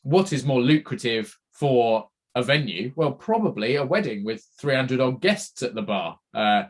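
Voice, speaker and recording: A man co-hosting a podcast, chatting casually in a measured, explaining way. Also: medium pitch, animated. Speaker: podcast co-host and performer. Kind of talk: casual chat.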